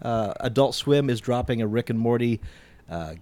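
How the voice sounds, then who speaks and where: A man co-hosting a casual comics podcast, sharing news in a relaxed way. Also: medium pitch, normal speed, dry recording. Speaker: podcast co-host. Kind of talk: casual chat.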